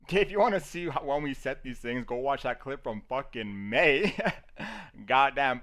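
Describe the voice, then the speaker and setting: A man's voice: medium pitch, normal speed. A man giving casual live-stream commentary on his trades. He swears freely, laughs often and keeps checking in with viewers by asking "right?". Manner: profane, excitable, laughs often.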